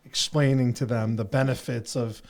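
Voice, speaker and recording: A male podcast host talks things through in an earnest, meandering way. He leans on fillers as he works toward his point, in a relaxed conversational tone. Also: medium pitch, normal speed, gravelly. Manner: earnest and rambling, with many "you know" fillers. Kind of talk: reflective casual conversation.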